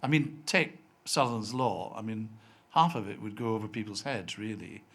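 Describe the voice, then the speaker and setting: Older Scottish man, softened accent, seasoned TV writer as interview guest; chatty storyteller who mimics the people he quotes. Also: fairly low pitch, animated, moderate pace. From Scotland. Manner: chatty storyteller, acts out quoted voices, laughs often. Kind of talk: anecdotal live interview.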